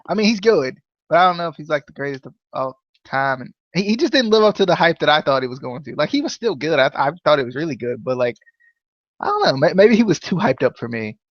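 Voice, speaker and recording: A man's voice: on the high side, very animated, fast talker, dry recording. A man co-hosting a podcast in casual chat, rambling and indecisive, with many restarts. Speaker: podcast co-host. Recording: dull lo-fi dry sound.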